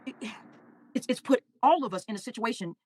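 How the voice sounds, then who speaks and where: A woman hosting a casual livestream, reading out viewer comments and talking with emotion, often halting and repeating her words. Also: on the high side, lively intonation, dark tone. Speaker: livestream host.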